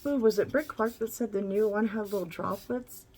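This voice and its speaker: A woman's voice: medium pitch, moderate pace, dark tone. A woman vlogger chatting casually through a makeup tutorial, candid and rambling, swearing now and then.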